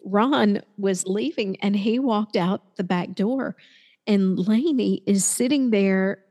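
A woman's voice: mid-range voice, takes it slowly, darkish tone, long reverb tail. Woman telling a chatty story. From Tennessee. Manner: chatty storyteller, acts out quoted voices. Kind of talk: casual chat.

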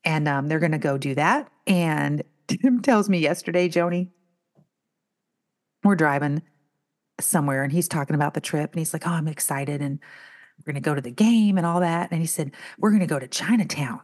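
Chatty woman, low-pitched. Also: normal speed. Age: middle-aged. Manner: chatty storyteller, animated when telling stories. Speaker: podcast co-host. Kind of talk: casual chat.

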